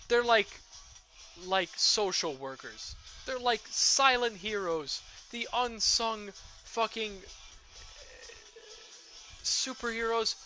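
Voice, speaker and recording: A man's voice: high voice, poor audio. Tipsy ranting young man streamer. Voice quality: profane, ranty, excitable. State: tipsy from drinking. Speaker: gaming streamer. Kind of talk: rambling casual rant while gaming. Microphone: headset.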